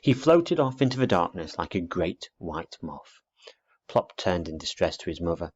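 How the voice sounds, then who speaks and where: A man's voice: deep voice, normal speed, slightly rough. Man reading a children's story aloud. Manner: expressive, lively read-aloud. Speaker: narrator. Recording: dull lo-fi recording.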